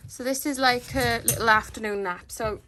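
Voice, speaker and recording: A woman dog breeder in a casual home vlog, talking in a calm, steady, instructive way from her living room. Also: a little high, moderate pace, faint music behind.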